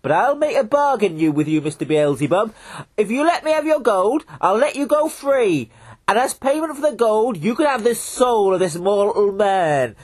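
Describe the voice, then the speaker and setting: A man's voice: high voice, animated, normal speed, voice pushed up. Man doing a bold, polite giant of a hero. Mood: bargaining. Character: huge burly giant of a man, calm and bold.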